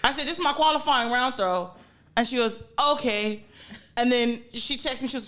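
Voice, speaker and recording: A young woman, a guest athlete, telling lively stories in a casual interview, laughing often and acting out what others said. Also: fairly high pitch, normal speed. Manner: animated storyteller, laughs often, acts out quotes.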